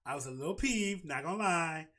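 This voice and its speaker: A man with an African American English accent, hosting a casual chat and reading a forum post aloud, animated and swearing. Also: fairly high pitch, fairly quick. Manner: animated, exclaiming, swearing, cackling laughs. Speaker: podcast host.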